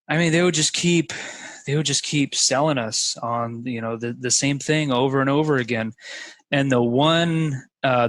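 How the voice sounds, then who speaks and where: A man's voice: medium pitch, a bit bright, no room sound, rough recording. A man, a guest, telling a story in casual conversation, rambling with lots of fillers.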